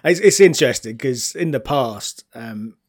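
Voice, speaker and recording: A man's voice: mid-range voice, expressive, a little slow. A man co-hosting a casual podcast, friendly and a little hesitant, full of small fillers as he talks. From United Kingdom. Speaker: podcast co-host.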